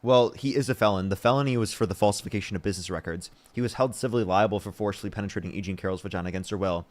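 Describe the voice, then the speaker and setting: A man's voice: on the low side, very fast. A man hosting a livestream debate show, thanking donors and pressing callers on their views. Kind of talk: casual livestream chat.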